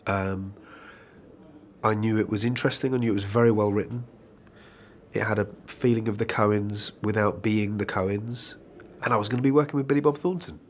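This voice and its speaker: A man with a fairly low voice answers interview questions about his acting career. His delivery is loose and conversational, full of restarts and tossed-in asides. There is a faint hiss in the background. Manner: chatty and candid, with frequent restarts and asides like "you know".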